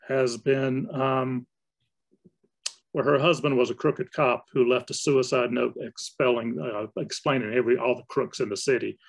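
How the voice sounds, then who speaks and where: A male novelist lectures a writers' group in a loose, conversational way, often backing up and rephrasing as he goes. His voice sits at a middle pitch and has a gravelly, creaky texture. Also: poor audio. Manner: conversational, loose, with fillers and restarts. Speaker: guest speaker, novelist. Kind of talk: workshop lecture.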